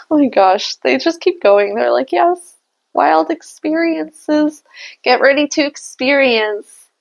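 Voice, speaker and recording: Slow, gravelly-voiced woman tarot reader. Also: high-pitched, lively intonation, lo-fi sound. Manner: slow, musing, laughs at herself. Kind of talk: casual spiritual reading monologue.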